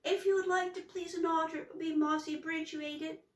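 A woman's voice: very high voice, steady tone, normal speed, recorded from a distance, voice pushed up. A woman voicing a timid young troll shopkeeper who speaks in a trembly, wobbly, meek voice, in an echoey room. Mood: nervous.

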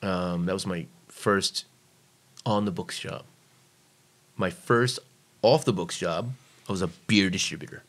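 Blunt, profane American man, low voice. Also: measured pace, long pauses, fairly bright tone. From United States. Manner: blunt, profane, emphatic, acts out quoted voices. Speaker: guest, former navy serviceman and trainer. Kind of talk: casual storytelling in a podcast interview.

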